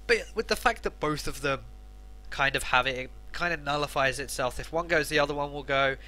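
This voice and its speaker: A man's voice: fairly high pitch, a little fast, pushed and bright. A man co-casting a live esports match, giving analytical color commentary. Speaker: esports co-caster.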